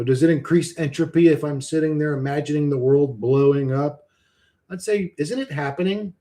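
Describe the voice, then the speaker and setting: A man's voice: a little high, a little mellow. A man ranting on a livestream in a casual, rambling, sardonic way, swearing freely.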